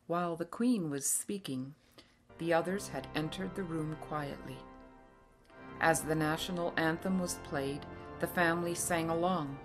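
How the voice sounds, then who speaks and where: Woman reading an audiobook, low and unhurried, calm storytelling. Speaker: audiobook reader. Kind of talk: scripted narration.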